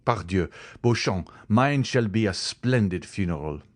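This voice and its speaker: A man's voice: lowish voice, animated, a little slow, dry recording. A man voicing a hot-headed young nobleman who is bent on a duel and speaks in intense, clipped, indignant tones. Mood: vengeful.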